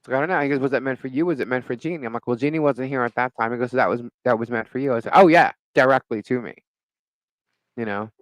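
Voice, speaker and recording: This podcast co-host, a middle-aged man with a mid-range voice, talks fast while spinning a neighbor story on a live talk show. His casual chat is lively, full of laughter and free cursing, captured in a rough recording with no room sound.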